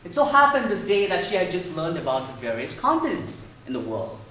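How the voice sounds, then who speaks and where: A man in his thirties tells a story in a prepared speech, his high voice swinging lively up and down. He talks with a playful storyteller's touch. The sound is echoey and distant, with the mic set far back in a big hall. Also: a little fast, a little hiss or hum. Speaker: contest speaker.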